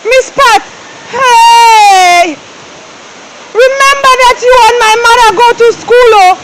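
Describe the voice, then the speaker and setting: A woman playing a young Jamaican maid who begs and pleads through tears. Her voice is very high, and she keeps ending her phrases with a plaintive "oh". There is faint noise behind her. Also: takes it slowly, fairly bright tone, exaggerated voice, rough recording. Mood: pleading. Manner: pleading, tearful, ends phrases with "oh".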